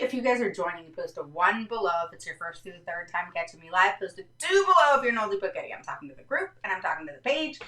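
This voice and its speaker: A woman hosting a relaxed parenting live stream explains things in steps, often turning to her viewers with "all right." Her mid-range voice sounds pushed and bright, and the mic is slightly distant in a roomy space.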